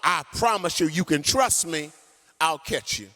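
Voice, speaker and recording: A man's voice: a little high, lively intonation, a little slow, bright, forceful tone. A man preacher playing a desperate father who urges and coaxes his son, commanding and insistent. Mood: urgent coaxing. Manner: urgent, commanding. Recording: long church hall reverb.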